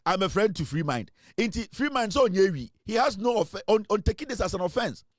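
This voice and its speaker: A Ghanaian-accented man hosts an online talk show in a casual commentary monologue, teasing his audience with repeated rhetorical questions and blending English with Twi. His high, sing-song voice moves a little fast, recorded cleanly in a studio with no echo.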